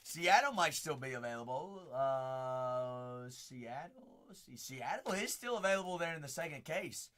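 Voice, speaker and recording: A man hosting a live card break, calling out players and teams as he opens packs, chatting with viewers by name and shouting on big pulls. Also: mid-range voice, expressive, a little slow, few pauses. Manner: chats with viewers by name between cards.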